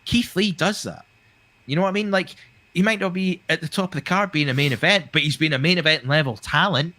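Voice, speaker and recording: A man's voice: on the high side, fairly quick, pushed and bright. A man co-hosting a wrestling podcast, talking with a heated, profane, ranting delivery. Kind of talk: casual podcast chat.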